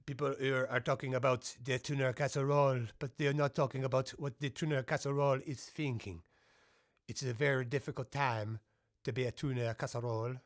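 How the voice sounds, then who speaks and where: A brooding narrator speaks low and slow in hushed gravity, as a man puts him on. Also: steady tone, natural voice. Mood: grave.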